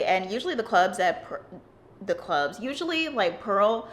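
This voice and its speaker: A woman's voice: mid-range voice, animated, a little slow. A young woman, telling a casual storytime with lots of fillers and restarts. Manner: rambling, filler-heavy, with frequent "like". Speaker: vlogger.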